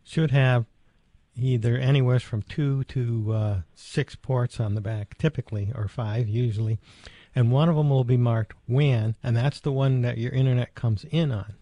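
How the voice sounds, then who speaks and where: A man's voice: mid-range voice, moderate pace, mellow, no echo. A man co-hosting a radio tech show, giving methodical, instructive explanations.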